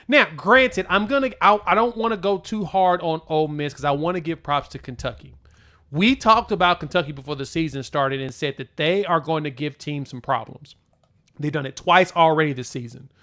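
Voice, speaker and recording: A man co-hosting a sports podcast, telling stories and joking in an animated way. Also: fairly high pitch. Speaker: podcast co-host. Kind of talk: casual sports chat.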